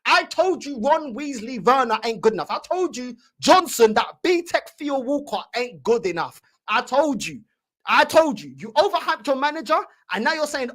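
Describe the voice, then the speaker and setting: Animated mocking woman. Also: high-pitched. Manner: mocking, teasing, rapid-fire banter with slang. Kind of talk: heated fan debate.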